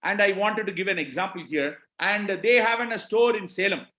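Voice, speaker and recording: Male business trainer, Indian English accent, higher voice, roomy echo, repeats himself and keeps checking in with the audience. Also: fairly quick, pushed and bright. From Tamil Nadu, India. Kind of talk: live webinar talk.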